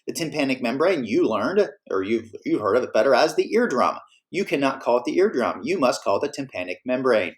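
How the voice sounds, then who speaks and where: A man's voice: medium pitch, very animated, a little fast. A man teaching a class, explaining in a casual, self-correcting way. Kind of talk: classroom lecture.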